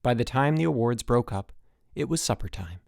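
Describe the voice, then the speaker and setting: A man narrating an audiobook in lively storytelling narration. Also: mid-range voice, normal speed, vocal fry. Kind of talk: scripted narration.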